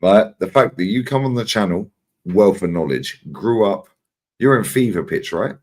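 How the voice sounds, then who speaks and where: A man's voice: fairly low pitch, normal speed. A man hosting a casual live chat, telling stories with lots of swearing. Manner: animated, swearing storyteller. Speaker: channel host.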